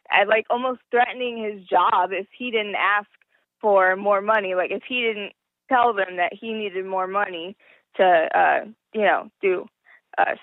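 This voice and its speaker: A woman's voice: on the high side, no room sound. Female caller on a tinny phone line. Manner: earnest, halting, many fillers.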